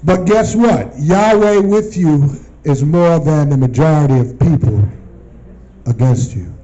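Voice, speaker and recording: A man teaching from scripture to a group, often pausing to ask them questions and repeating phrases for them to answer. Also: a little high, warm tone, lo-fi sound. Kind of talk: call-and-response Bible teaching.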